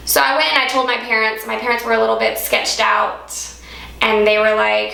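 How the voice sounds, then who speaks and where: Chatty young woman with a gravelly voice. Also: a little high, steady tone, normal speed, pushed and bright, slight background noise. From Alaska. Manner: chatty, heavy use of "like". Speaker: vlogger. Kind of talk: casual story-time monologue. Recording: echoey room.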